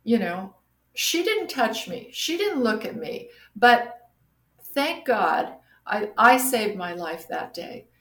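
A middle-aged woman telling her personal story in a casual interview, animated and acting out the voices of people she quotes. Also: fairly high pitch, takes it slowly, slight background noise. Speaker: guest sharing her story. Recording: roomy echo.

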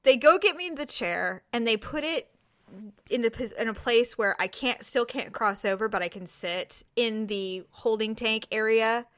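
A woman in casual chat, telling a story in an animated way and acting out both sides of the exchange. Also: a little high, normal speed. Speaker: podcast co-host telling a story.

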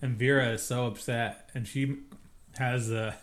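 A man's voice: medium pitch, steady tone, a little slow, a bit bright. A man co-hosting a casual podcast, retelling TV scenes and acting out the characters' lines. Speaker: podcast co-host. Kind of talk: casual recap chat.

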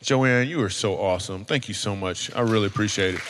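Teasing comedian working the crowd. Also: male voice, on the low side, brisk, in a large hall, heavy background noise. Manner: loose, teasing, conversational. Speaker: stand-up comedian. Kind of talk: stand-up crowd work.

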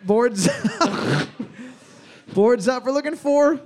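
A man's voice: very high-pitched, lively intonation, darkish tone. A man hosting a bar trivia night over a microphone, reading questions twice and joking crudely between them. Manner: jokey, profane, repeats each question slowly. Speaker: trivia quizmaster.

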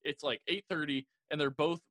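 A man's voice: on the high side, steady tone, moderate pace, sharp tone, dry recording, clean studio sound. A young man casually telling a work story as a security guard, blunt and profane, full of "like"s. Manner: profane, blunt, rambling with many "like"s. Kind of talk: casual podcast chat.

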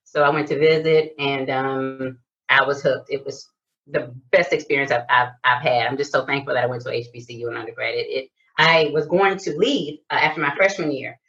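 A middle-aged woman from Detroit, a chiropractor, telling lively stories in a casual interview. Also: very deep voice, a little fast. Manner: animated storyteller, acts out quoted voices. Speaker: guest, chiropractor. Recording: distant lo-fi sound.

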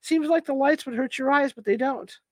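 A woman reading the part of a hypnotized woman recalling an abduction, answering flatly and with certainty. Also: high-pitched, normal speed, no room sound, lightly acted.

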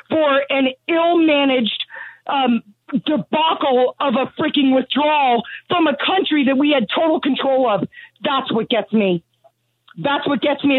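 A woman's voice: high voice, dry recording. A middle-aged woman calling in to a radio show, out of breath from pacing, angry and grieving as she rants bluntly. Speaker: caller. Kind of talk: phoned-in talk radio call. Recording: tinny phone line.

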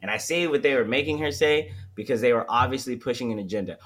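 A young man in his twenties co-hosting a casual podcast chat. He rants loosely, packing his talk with swearing and street slang, in a voice of everyday pitch. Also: fast talker, a bit bright. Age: 20s. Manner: loose, profane ranting with slang. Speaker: podcast co-host.

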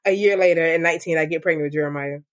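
Candid young woman, fairly low voice. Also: very fast. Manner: candid and reflective, with many "like" and "um" fillers. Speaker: interview guest. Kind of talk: personal testimony, casual storytelling.

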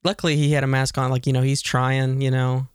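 A man's voice: medium pitch, little pitch movement, brisk, smooth, no room sound, studio quality. A man co-hosting a podcast, venting in a rambling, exasperated way with lots of fillers. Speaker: podcast co-host. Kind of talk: casual chat.

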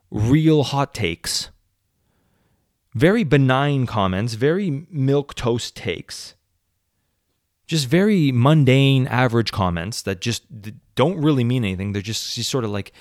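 A man's voice: mid-range voice, no room sound, clean studio sound. Sarcastic man ranting on a podcast. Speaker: podcast host. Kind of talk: solo podcast rant.

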